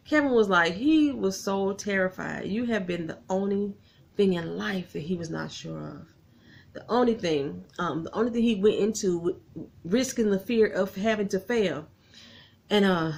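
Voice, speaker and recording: A woman recapping a TV episode in an animated, chatty way, talking straight to her viewers and getting emotional as she goes. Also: mid-range voice, normal speed, gravelly. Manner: animated, gets emotional and laughs often; folksy, talks straight to viewers.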